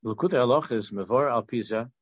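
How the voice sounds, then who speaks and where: A man's voice: medium pitch, fast, breathy edge, no echo, dull audio. A man in his sixties, a religious teacher and counselor, giving an informal Torah talk that rambles through restarts and asides.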